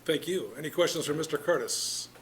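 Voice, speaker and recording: A man's voice: a little high, fairly quick, fairly bright tone, slight background noise. A man chairing a city council meeting, making formal, brief procedural calls to recognize speakers.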